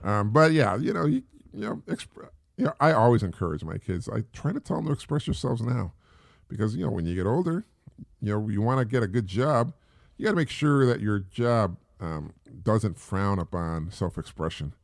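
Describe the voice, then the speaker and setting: A man's voice: fairly low pitch, big pitch swings, normal speed, creaky, no room sound, studio quality. A middle-aged man hosting a solo podcast, talking in a rambling, casual way with many fillers and repeats. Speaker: podcast host.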